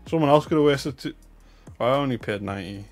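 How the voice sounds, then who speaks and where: A man's voice: mid-range voice, fairly quick, faint music behind. A young man with a North East English accent, chatting glumly and mocking himself as he opens cards for viewers on a livestream. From North East England. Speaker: card-opening streamer. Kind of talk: casual livestream chat.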